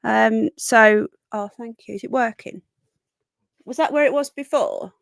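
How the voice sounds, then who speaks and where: A woman's voice: fairly high pitch, a little slow, gravelly, no echo, studio quality. A woman hosting a live stream, chatting and rambling as she greets viewers and often breaks off mid-sentence. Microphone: close desk microphone.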